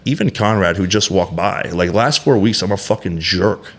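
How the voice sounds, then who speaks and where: A man's voice: low-pitched, moderate pace, fairly bright tone. A man in his thirties, a podcast guest, talking candidly and bluntly with heavy swearing and many restarts. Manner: rambling with restarts and fillers.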